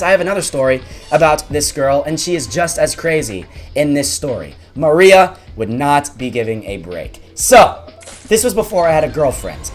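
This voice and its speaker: A young man hosting a gaming video, telling a school story over gameplay in an animated, exaggerated way. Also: fairly high pitch. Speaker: gaming channel host.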